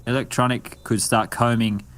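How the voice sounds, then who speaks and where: A man's voice: medium pitch, level tone, normal speed, fairly bright tone. A man giving chatty, analytical color commentary on an esports match, with the odd joke.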